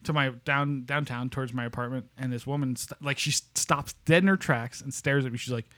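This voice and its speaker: A man co-hosting a podcast in loud, profane, casual banter, laughing often. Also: mid-range voice, fairly quick. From United States. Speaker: podcast co-host.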